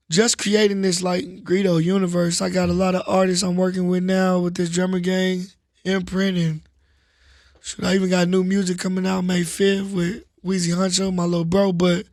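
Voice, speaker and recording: A man talking casually in an interview, relaxed and slangy, often saying "you know what I'm saying.". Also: high-pitched, no echo, clean studio sound. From Los Angeles, US. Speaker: rapper guest. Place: studio.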